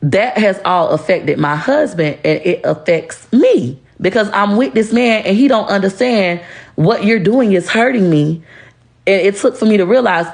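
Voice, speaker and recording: A woman's voice: mid-range voice, animated, moderate pace, gravelly. A woman speaking bluntly and heatedly to camera, cursing freely. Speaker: social media creator talking about her marriage. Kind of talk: candid monologue to camera.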